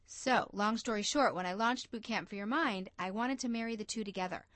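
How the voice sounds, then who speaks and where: Woman, American, lively interview storyteller, acts out quotes, dry close sound. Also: medium pitch, brisk, no echo. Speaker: guest, coach and entrepreneur.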